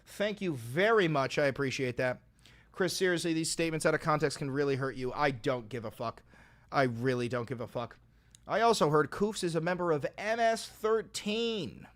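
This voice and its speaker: A man hosts a livestream at a normal speed, reading out donations sarcastically. He bursts into loud, mocking rants, then drops to low, dry replies.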